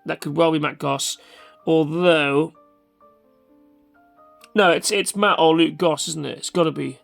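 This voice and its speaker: A man's voice: a little high, steady tone, a little slow, creaky, faint music behind. A man hosting a casual, rambling video review, off-hand and chatty with mild swearing. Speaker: vlog host.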